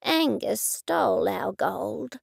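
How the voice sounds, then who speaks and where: Woman doing a slow, vague old man. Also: medium pitch, expressive, creaky, husky, dry recording, studio quality, exaggerated voice. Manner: slow, soft, rambling. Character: elderly man in his eighties, vague and slow.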